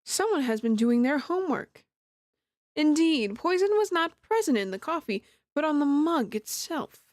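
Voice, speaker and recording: A woman voices a confident young male prosecutor, pitching above her own natural voice into a high, sing-song register with a darkish tone. The delivery is smug and theatrical at a moderate pace, recorded in studio quality with no room sound.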